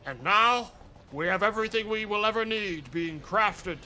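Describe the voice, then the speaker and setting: A young man streaming a game live, talking to his chat, excitable and swearing often. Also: high voice, moderate pace, slight background noise.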